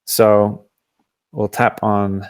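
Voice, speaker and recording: A man hosting a live app demo, patiently explaining each step and often pausing with "um". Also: lowish voice, flat delivery, a little mellow, clean tone, dry recording. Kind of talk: software demo and Q&A.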